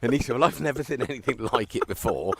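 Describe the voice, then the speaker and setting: Chatting on a live cricket stream, this commentator tells a story with frequent laughter, animated throughout. His mid-range voice is fast with vocal fry, and slight background noise is audible.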